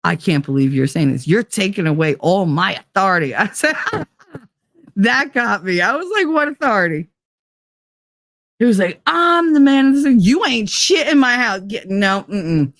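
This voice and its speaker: A woman hosts a casual talk show and tells a personal story bluntly, with lots of animation and plenty of swearing. Her voice sits at an ordinary middle pitch and is recorded dry and close. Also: lively intonation, normal speed, fairly bright tone, dry recording. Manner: swears freely. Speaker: host. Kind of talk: casual chat.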